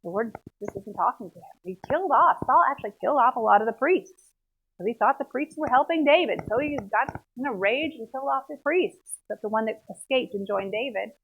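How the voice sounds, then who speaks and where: A woman's voice: on the high side, brisk, breathy edge. A woman teaching a Bible history lesson in a casual storytelling way, acting out the quotes. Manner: retells scenes with lively acted-out quotes. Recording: tinny phone-like sound.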